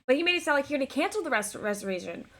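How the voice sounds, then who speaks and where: A woman streamer telling a personal story in a casual, animated way, swearing freely and restarting her sentences. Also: sits high, very fast.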